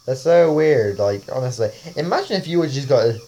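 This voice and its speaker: A man's voice: mid-range voice, lively intonation, fairly quick, warm tone, lo-fi sound. A man casually talking over a face-swap app, rambling and often laughing. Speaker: vlogger.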